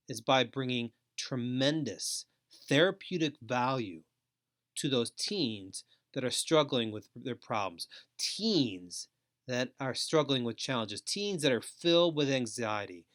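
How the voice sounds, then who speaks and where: A man giving a recorded lecture as a foster care educator, speaking deliberately and repeating key phrases. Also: medium pitch, fairly bright tone.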